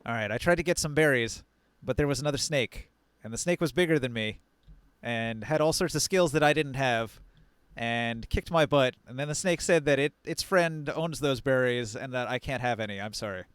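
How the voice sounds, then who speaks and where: A man's voice: mid-range voice, normal speed, a bit bright, smooth, no room sound, lightly acted. A man doing a battered, apologetic pet snake. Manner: hissing, earnest, plain-spoken. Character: small loyal male snake companion, battered and apologetic.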